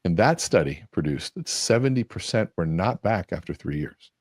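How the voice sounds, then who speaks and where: A man's voice: low voice, normal speed, no room sound, studio quality. A man speaking as a guest in a conversational interview, telling stories and acting out quoted dialogue. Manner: animated storyteller acting out quotes.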